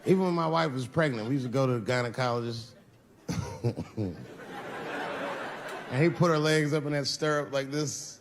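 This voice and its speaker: Speaking at a normal speed with a medium pitch and frequent pauses, this male comic shares stand-up stories in a chatty way, performing the voices of the people he encounters. His set is recorded in a reverberant space with audience sounds around him.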